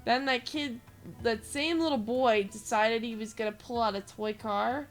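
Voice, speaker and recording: A young woman hosting a gaming channel, telling a rambling story with lots of filler words and getting animated as she goes. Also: on the high side, normal speed, faint music behind. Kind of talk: casual rambling commentary over gameplay.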